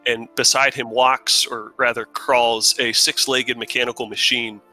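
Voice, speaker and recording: A man's voice: medium pitch, flat delivery, measured pace, pushed and bright, soft background music, rough recording. A man at a tabletop game, describing his new character in long, vivid detail. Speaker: player.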